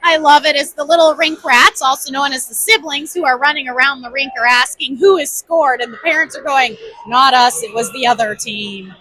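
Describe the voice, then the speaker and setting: High, bright excited woman calling kids' hockey. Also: normal speed, poor audio. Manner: excited, fond, shouting at big plays. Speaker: amateur play-by-play commentator. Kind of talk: homemade live sports commentary. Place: indoor ice rink. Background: faint arena noise.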